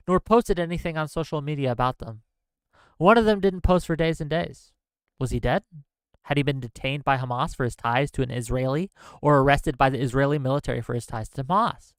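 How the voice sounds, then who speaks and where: A man's voice: medium pitch, a bit bright, clean tone, no room sound. A man hosting a political commentary stream, ranting heatedly with profanity and reading an essay aloud. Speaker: stream host.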